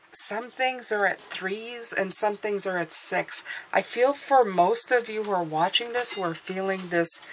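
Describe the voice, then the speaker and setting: A woman's voice: medium pitch, a little hiss or hum. A woman giving an intuitive tarot reading, speaking in a meandering, hesitant way as she thinks aloud. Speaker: tarot reader.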